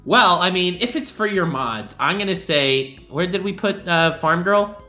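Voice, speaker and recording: A man's voice: high voice, expressive, measured pace, sharp tone, roomy sound. A young man as a guest on a casual stream, teasing, jokey and blunt. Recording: game music in the background.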